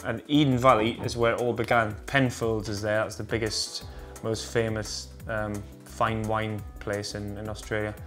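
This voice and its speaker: A man's voice: lowish voice, little pitch movement, moderate pace, a bit bright, soft background music. A man with a Geordie accent, casually explaining wine regions in a chatty, enthusiastic, slangy way. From North East England. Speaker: wine vlogger.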